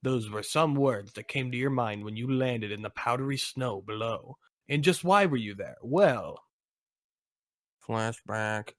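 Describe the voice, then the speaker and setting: A man's voice: medium pitch, measured pace, no room sound. Young man reading fan fiction aloud, dry. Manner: amused, breaks into laughter between lines. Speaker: podcast co-host and narrator.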